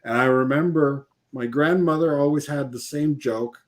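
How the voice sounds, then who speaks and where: A man's voice: fairly high pitch, normal speed. Regular guy cohosting a live call-in chat, laughs a lot, keeps restarting his sentences, sounds like a video call. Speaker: co-host. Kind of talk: casual chat.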